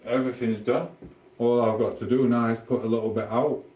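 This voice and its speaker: A man's voice: medium pitch, steady tone, fairly quick, a little mellow, slight background noise. A middle-aged man with a Sheffield Yorkshire accent, chatting casually with his livestream viewers while cooking at home, rambling in a friendly, matey way. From Sheffield, South Yorkshire. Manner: rambling, matey banter with chat. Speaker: livestream host. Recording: roomy echoing room.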